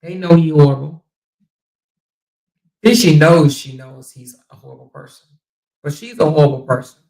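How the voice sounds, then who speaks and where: A woman's voice: sits low, normal speed, dark tone. A woman hosting a casual livestream, talking bluntly and mockingly to her chat viewers with plenty of profanity. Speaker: livestream commentary host.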